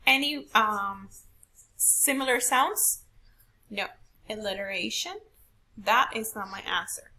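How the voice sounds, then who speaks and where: A woman's voice: fairly high pitch, animated, measured pace, bright, forceful tone. A woman teacher walking a class through a poetry question, patient and step by step, asking rhetorical questions. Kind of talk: recorded classroom lesson.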